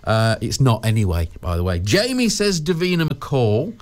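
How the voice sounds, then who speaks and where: A man's voice: medium pitch, wildly swooping pitch, normal speed. A British man presenting a casual radio show, chatting in a rambling way with lots of fillers and restarts.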